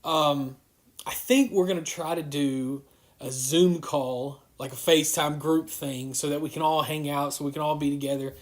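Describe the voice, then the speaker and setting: A man's voice: fairly high pitch, fairly even intonation, normal speed. A man, giving a casual live-streamed devotional as a youth minister, rambling and wandering off on tangents.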